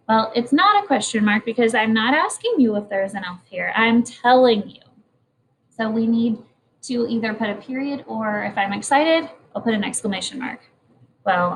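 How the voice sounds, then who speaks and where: A woman's voice: a little high, expressive, normal speed, slight background noise, low-quality recording. A woman teacher leading a morning message lesson for young children, speaking in a patient, encouraging way. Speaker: kindergarten teacher.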